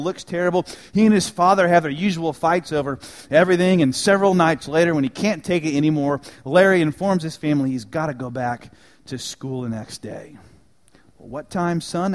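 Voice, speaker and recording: A man preaching a sermon in a church, telling a story with dramatic swings from loud emphasis to hushed, quiet lines. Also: a little high. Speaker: pastor.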